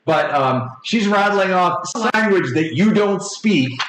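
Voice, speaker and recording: A man in his forties running a tabletop game for his kids, rambling and playful, slipping into quick character voices. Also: high-pitched, expressive, a bit bright. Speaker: game master. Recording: echoey home room with faint noise.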